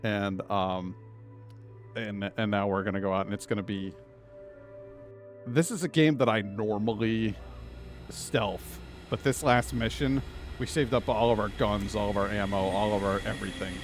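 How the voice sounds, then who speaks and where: A man's voice: on the low side, steady tone, moderate pace, soft background music. A man streaming a game live, chatting casually and rambling through jokes and puns as he plays. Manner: rambling, jokey, punning. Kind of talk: casual live gameplay commentary.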